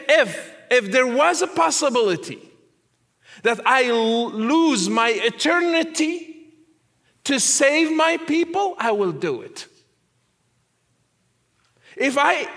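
A man giving an earnest testimony as a guest speaker, repeating phrases and at times dropping to a quiet, soft voice. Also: very high voice. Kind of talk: testimony sermon.

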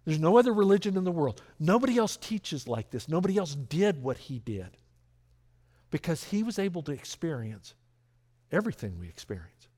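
A middle-aged man preaching a sermon as pastor, earnest and lively, with frequent restarts. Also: fairly high pitch, normal speed.

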